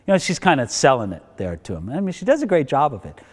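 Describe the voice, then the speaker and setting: A man teaching a Bible college lecture, telling the story in a lively way and acting out the characters. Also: mid-range voice, fast talker, few pauses. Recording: long hall reverb.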